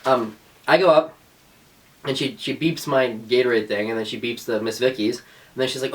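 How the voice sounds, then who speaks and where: A young woman co-hosting a casual podcast chat, sarcastic and animated, laughing often and acting out the people in her stories. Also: very deep voice, normal speed, distant mic. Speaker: podcast co-host.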